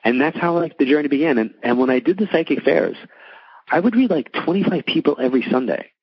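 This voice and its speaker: A man's voice: fairly high pitch, animated, fast talker, husky, lo-fi sound. Chatty middle-aged man. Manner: chatty, many likes and restarts, acts out quoted voices. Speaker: psychic medium guest. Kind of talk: casual storytelling interview.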